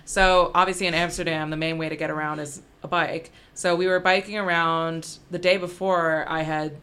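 A young woman from the United States telling a story in a casual chat, animated, laughing through her lines. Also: sits low, normal speed.

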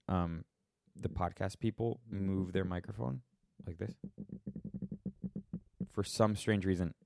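A somewhat low-pitched American man talks casually on his own podcast, wandering from thought to thought and often cutting himself off mid-sentence. His tone is wry and offhand. The sound is close and dry, with no room around it. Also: creaky, darkish tone, no room sound. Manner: rambling, self-interrupting, wry. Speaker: podcast host answering questions. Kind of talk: casual solo podcast chat.

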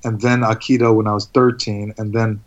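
A man telling stories in a casual interview, laughing often and animated. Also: on the low side, a little fast, highs cut off. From United States. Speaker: interview guest.

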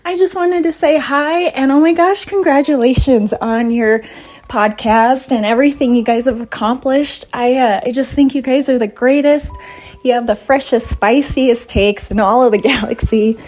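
A woman's voice: high voice, fairly even intonation, moderate pace, a little mellow. A woman from Colorado with an American accent, sending a bubbly, gushing recorded message of congratulations. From Colorado, USA.

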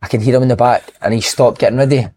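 A man's voice: mid-range voice, rapid-fire. A man with a Scottish accent telling sweary stories in casual football podcast chat. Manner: sweary, animated storyteller. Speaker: podcast host.

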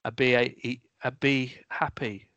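A man co-hosting a podcast, speaking softly and earnestly in a halting, casual way. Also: mid-range voice, flat delivery, dry recording, highs cut off. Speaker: podcast co-host. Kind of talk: casual chat.

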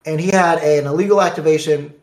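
A man telling a card tournament story in casual talk, animated, acting out the dialogue. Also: fairly high pitch, quick pace. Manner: animated, acts out dialogue in quotes. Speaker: card game player. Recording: echoey room.

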